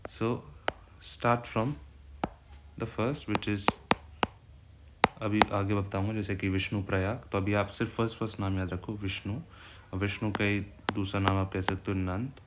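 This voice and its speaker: A man's voice: lowish voice, flat delivery, rapid-fire, pauses often. A man with an Indian English accent giving an exam-prep geography lecture, switching between English and Hindi and checking in with a frequent "right?". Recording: loud background noise with clicks.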